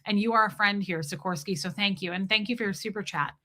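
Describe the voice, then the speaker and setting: A woman's voice: medium pitch, fairly even intonation, fast, pushed and bright. A woman hosting a livestream, chatting casually and reading viewers' comments aloud. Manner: chatty, reads chat aloud, giggly. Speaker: livestream host.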